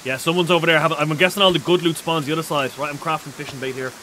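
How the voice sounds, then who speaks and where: An excitable man hosts a casual gaming livestream, his voice pitched high for a guy and bright, almost edgy. A faint hiss sits under his talk. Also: very fast, low-quality recording. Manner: excitable, reads out chat messages. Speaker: streamer.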